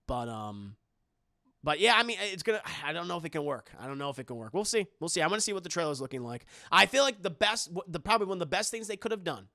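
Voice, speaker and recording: A man's voice: a little high, expressive, fast talker, sharp tone, no echo, clean studio sound. A young adult man on a live stream, chatting casually and reacting to viewers' comments in a rambling way, often restarting his sentences.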